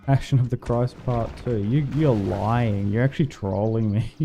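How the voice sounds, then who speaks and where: A young Australian man streams a game and chats casually, rambling in a laid-back, slangy way. His mid-range voice is mellow, with lively intonation and a measured pace that has few pauses.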